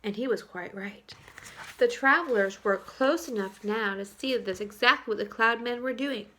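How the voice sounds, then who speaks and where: A woman teacher reads a chapter book aloud to young students in a clear, expressive voice. She pauses to ask them questions. Her voice is high, bright and crisp. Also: a little hiss or hum. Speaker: third-grade teacher. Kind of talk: storybook read-aloud for children. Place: home, for virtual school.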